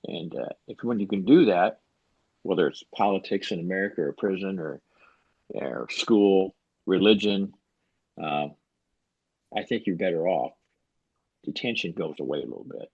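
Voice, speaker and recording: A man in his sixties speaks with a very low, gravelly and husky voice. He tells his story in a dry, wry, self-deprecating way. The sound is dull and close, with no room around it. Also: animated, normal speed, long pauses, no room sound. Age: 60s. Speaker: author guest. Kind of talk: casual interview talk.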